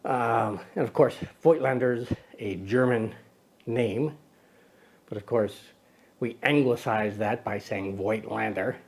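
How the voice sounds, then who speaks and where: Speaking slowly in a lowish, darkish voice, a man hosts a laid-back camera show. He teases his little buddy sidekick playfully, and his loose, rambling talk is full of ums and self-corrections.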